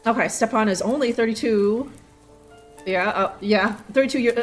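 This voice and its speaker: A woman's voice: on the high side, normal speed, soft background music. Chatty, laughing woman game streamer. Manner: rambling, laughing, swearing, stumbling over German words. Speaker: streamer playing a detective game. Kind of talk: casual live gameplay commentary.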